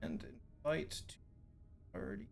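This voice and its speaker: A man's voice: unhurried, soft background music. A man hosting a livestream, talking in an easygoing, rambling way. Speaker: stream host. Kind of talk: casual livestream chat.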